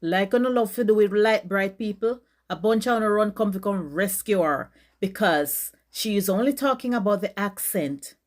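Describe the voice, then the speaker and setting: A woman's voice: medium pitch, moderate pace, hardly any pauses. A woman firmly rebutting another creator in a reaction commentary. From Jamaica. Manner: firm, argumentative, rebutting.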